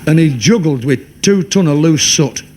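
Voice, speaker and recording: A man's voice: a little high, lively intonation, moderate pace. Man, stand-up comic, rambling, stumbles over words, noisy recording. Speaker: stand-up comedian. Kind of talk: stand-up joke telling. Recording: noisy old broadcast.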